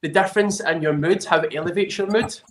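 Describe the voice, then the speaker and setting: A man with a fairly high voice talks about his work in a casual interview. He sounds earnest and enthusiastic and often restarts his sentences. The room around him is echoey. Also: fast talker, slight background noise. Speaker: fitness trainer, guest. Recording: roomy echo.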